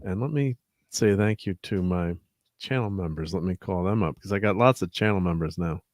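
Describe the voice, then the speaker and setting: A man's voice: low-pitched, normal speed, no echo, clean studio sound. A man hosting a casual livestream chat, rambling through thank-yous with plenty of fillers. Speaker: host.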